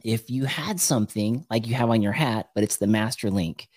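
A man's voice: on the low side, moderate pace, a little mellow, dry recording, clean studio sound. A man co-hosting a casual podcast chat, upbeat, laughing often and reading out viewer comments. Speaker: podcast co-host.

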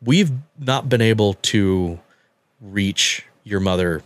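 A man with a low voice tells a long personal story in podcast conversation. He stumbles and repeats words, and slips into the voices of the people he quotes. The sound is dry and close. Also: takes it slowly, no echo. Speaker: guest telling his story.

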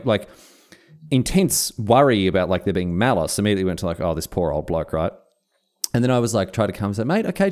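Podcast co-host, man, quick delivery, swinging pitch, jokey storyteller. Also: a little mellow. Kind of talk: casual chat.

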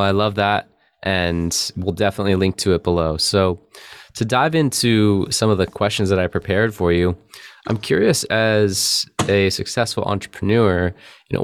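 A man's voice: low voice, dry recording. A man hosting a podcast interview, affirming his guest and asking prepared questions. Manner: affirming, encouraging, many fillers. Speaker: podcast host.

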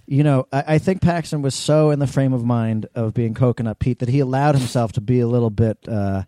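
A man co-hosting a podcast in loose, casual chat. His voice is mellow and dark, and the recording is dry and close. He tells anecdotes with plenty of casual profanity. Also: medium pitch, a little fast, dry recording. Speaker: podcast co-host.

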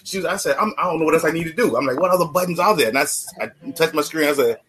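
A man's voice: fairly high pitch, very fast, fairly bright tone. A man guest in a casual video-call chat, telling a story and laughing at himself.

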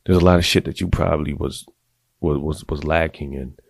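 A deep-voiced middle-aged man hosting a podcast, giving blunt, profane, confessional advice to other men in a casual monologue. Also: fairly even intonation, brisk, vocal fry, husky, no echo. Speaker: podcast host.

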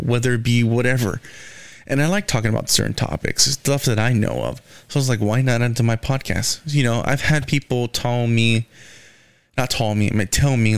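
A man's voice: medium pitch, vocal fry, smooth, no room sound. A young man hosting his own podcast, rambling casually with lots of swearing and fillers like "man" and "you know". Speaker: podcast host. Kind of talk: casual solo podcast rant.

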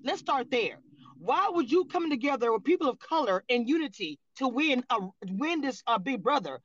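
High-pitched woman, livestream reaction rant, profane and blunt, lo-fi sound with faint hiss. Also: sing-song, moderate pace, slightly rough, dry recording. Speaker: reality TV commentator.

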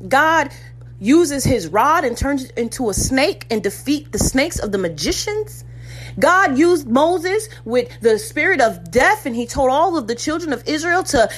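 High-voiced woman preaching a fervent sermon. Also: slight background noise. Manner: fervent, acts out biblical voices.

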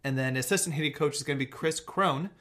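A young man co-hosting a casual sports podcast, joking around and running through team news in a lively way. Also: fairly high pitch, quick pace. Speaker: podcast co-host.

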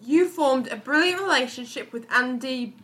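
A woman interviewing a guest, reading prepared questions carefully and halting on names. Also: high voice, a bit bright. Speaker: podcast interviewer.

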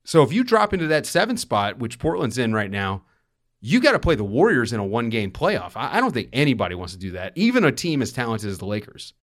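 A young adult man hosting a sports talk show, giving an upbeat, rapid run of game analysis and stats. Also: medium pitch, very animated, a bit bright.

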